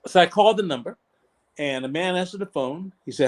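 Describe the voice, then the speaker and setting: A man in his seventies, a pastor and podcast guest, telling a personal story in an earnest, measured way that slows down for emphasis. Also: high voice, lively intonation. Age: 70s.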